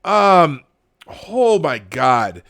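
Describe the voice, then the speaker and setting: Male talk-show host, ranting and sarcastic, higher voice with wide swings. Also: very animated, very slow, vocal fry, a bit bright. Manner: heated, swearing, sarcastic. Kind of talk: ranting political commentary.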